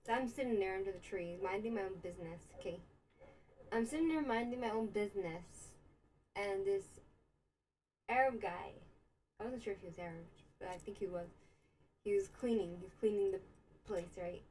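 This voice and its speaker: A young American woman hosts a casual livestream in Israel, rambling through a story and answering chat comments with many fillers and asides. Her mid-range voice is a little mellow and moves at a moderate pace with long pauses, in a low-quality recording with some hiss or hum.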